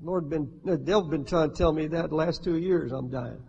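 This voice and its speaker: A man's voice: a little high, a little fast, creaky, warm tone, long reverb tail, highs cut off, a little hiss or hum. A pastor preaching an emphatic sermon from the pulpit, firing rhetorical questions at his congregation. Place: church sanctuary with a congregation.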